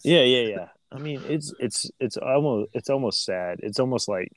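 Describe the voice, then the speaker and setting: A man in his twenties co-hosting a podcast, talking in a relaxed, halting way with many restarts. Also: medium pitch, dry recording. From Midwestern United States. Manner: relaxed, halting, repeats words. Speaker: podcast co-host. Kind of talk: casual chat. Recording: dry close sound.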